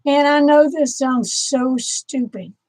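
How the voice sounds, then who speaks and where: A woman's voice: high-pitched, takes it slowly, darkish tone, dry recording, low-quality recording. A woman with a Southern US accent, tearful and emotional, chatting casually with viewers on a livestream. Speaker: livestream host. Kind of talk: casual live chat with viewers.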